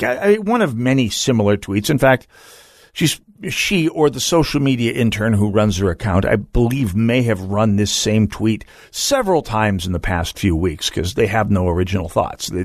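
Sardonic talk radio host, lively pitch. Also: male voice, no echo, studio quality. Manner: sardonic, mocking, with stammered restarts. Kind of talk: political talk radio monologue.

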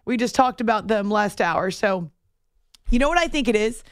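A woman's voice: mid-range voice, animated, moderate pace, no echo, studio quality. A woman hosting a late-night sports radio show, talking casually with sarcastic, self-mocking asides. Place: radio studio. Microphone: studio microphone.

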